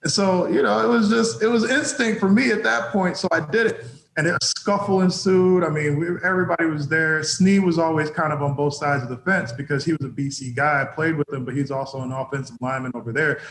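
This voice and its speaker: A man with a fairly high, gravelly voice recalls his playing days in a relaxed interview, laughing now and then. The room is echoey, and a faint hum of noise sits behind him. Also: quick pace. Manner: laughs often while telling anecdotes. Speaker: former football player, guest. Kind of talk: casual interview storytelling.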